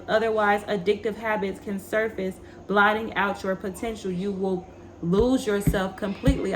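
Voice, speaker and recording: A woman's voice: medium pitch, slight background noise. Fiery, profane woman giving a tarot reading. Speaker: tarot reader.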